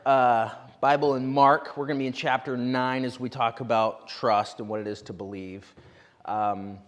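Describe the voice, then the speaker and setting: A man preaching in a church, his voice sitting at an ordinary middle pitch. He tells stories in an animated way and slips in quick asides to the congregation. A long reverb hangs on every phrase in the big room. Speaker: pastor. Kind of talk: sermon. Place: church sanctuary.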